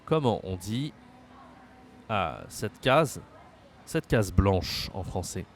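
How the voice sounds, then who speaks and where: A native French speaker with a French accent gives a language lesson, humming, correcting himself, and slowly repeating phrases for his learners as he thinks aloud. His voice is low and sing-song, with slight background noise in the clip.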